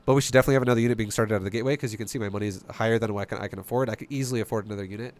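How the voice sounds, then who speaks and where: A man's voice: lowish voice, steady tone, very fast. Blunt, profane man coaching gamers. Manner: blunt, profane, emphatic, asks rhetorical questions. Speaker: streamer and game coach. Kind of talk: game coaching commentary.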